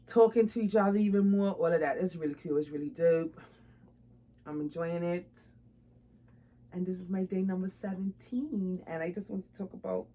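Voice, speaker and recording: Chatty woman doll-collector vlogger, low voice. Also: darkish tone, breathy edge, poor audio. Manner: chatty, laughs often, informal slang. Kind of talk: casual chat to camera.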